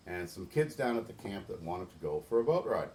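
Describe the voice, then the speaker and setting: A man's voice: sits low, very animated, fairly quick, a little mellow, a little hiss or hum. A middle-aged man from New England, a guest in an interview, telling a long story earnestly and with feeling, often restarting his sentences. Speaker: interview guest, boatyard volunteer organizer.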